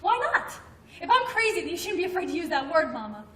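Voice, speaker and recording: A woman's voice: sits high, expressive, very fast. An actress playing a childlike, anxious grown woman who talks earnestly and stammers when upset. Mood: pleading. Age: adult. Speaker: grandmother's grown daughter. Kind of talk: film drama acting. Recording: roomy, distant film sound, faint noise.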